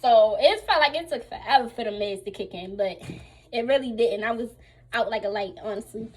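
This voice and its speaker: A young woman tells a rambling, animated storytime. She is still a little sore from recovery and speaks casually from home while getting dressed. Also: a little high, a little fast, slightly rough. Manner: chatty, animated retelling with acted-out quotes. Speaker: vlogger.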